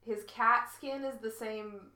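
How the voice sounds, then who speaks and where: A woman makes wry, dry remarks in a casual podcast chat. Her voice is bright and fairly high, and she laughs often. The room behind her echoes. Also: fairly even intonation, a little slow. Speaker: podcast co-host.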